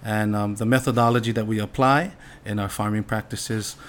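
A man's voice: fairly low pitch, steady tone, a little fast, slight background noise. A man from Hawaii, a farmer and father, speaking as a podcast guest in a humble, earnest way and laughing easily. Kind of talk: casual podcast interview.

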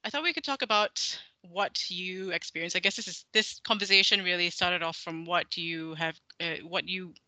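A man hosts a casual podcast with a very bright, forward tone. He laughs easily and talks in halting bursts full of fillers. The mic is close and dry. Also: high-pitched, dry recording. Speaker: podcast host. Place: office in Hong Kong.

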